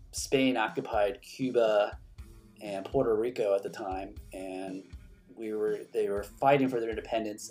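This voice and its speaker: A man's voice: on the low side, a little mellow. A man hosting his own podcast, talking casually and enthusiastically, rambling with many fillers. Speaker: podcast host. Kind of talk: casual solo podcast chat.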